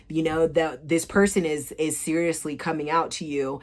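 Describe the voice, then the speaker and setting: A woman's voice: low voice, steady tone, moderate pace, hardly any pauses. A young woman telling a candid storytime vlog, blunt and full of swearing, acting out both sides of old text messages. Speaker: vlogger.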